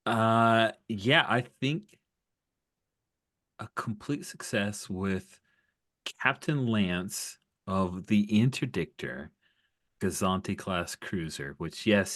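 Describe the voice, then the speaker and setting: A man narrating and running a tabletop role-playing game, lively and full of asides. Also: sits low. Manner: animated, slips into character voices. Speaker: game master.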